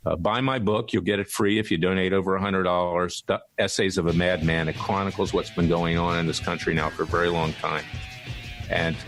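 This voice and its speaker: A man's voice: low voice, level tone, a little fast, fairly bright tone, faint music behind. A middle-aged man giving an impassioned, indignant fundraising appeal, speaking emphatically and driving his points home again and again. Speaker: activist lawyer making an appeal.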